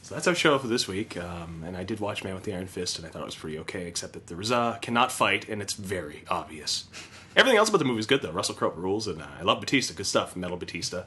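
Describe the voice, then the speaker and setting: Animated, ranting young man. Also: low voice, racing. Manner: animated, swearing rants. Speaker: podcast host. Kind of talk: casual chat.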